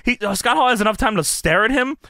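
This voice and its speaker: High, lively man, laughing podcast co-host. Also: quick pace, vocal fry, dry recording, studio quality. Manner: laughs often, mimics shouted lines. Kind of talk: casual chat, wrestling retro review.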